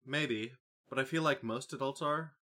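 A man voicing a thoughtful teenage girl in an audiobook, groping slowly for words. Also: mid-range voice, bright, forceful tone, voice pushed up, lightly acted. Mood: earnest. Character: teen girl, thoughtful, hesitant.

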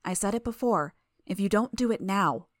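A woman's voice: mid-range voice, animated, normal speed, dry recording, clean studio sound, natural voice. Woman voicing a sly, reassuring young woman. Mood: coaxing.

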